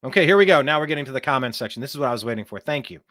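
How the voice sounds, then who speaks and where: A man's voice: medium pitch, animated, racing, fairly bright tone, no room sound, clean studio sound. A man hosting a casual livestream chat, reading viewer comments aloud in a chatty way. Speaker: host.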